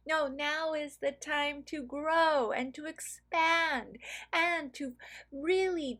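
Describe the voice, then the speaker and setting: High, slow-talking woman podcast host. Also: a bit bright. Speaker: host and channeler. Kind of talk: spiritual podcast talk.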